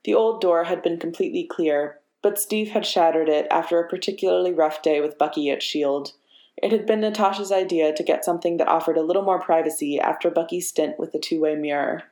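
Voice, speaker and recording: A woman narrating a story in a steady, measured reading voice. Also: deep voice. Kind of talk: audiobook narration of fiction. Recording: echoey room.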